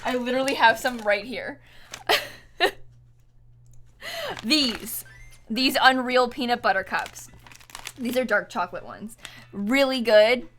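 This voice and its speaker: A woman's voice: a little high, takes it slowly, long pauses, fairly bright tone, slight background noise. A young woman streaming a game, chatting casually, giggling often and pleading with the game. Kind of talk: casual live-stream chat while gaming.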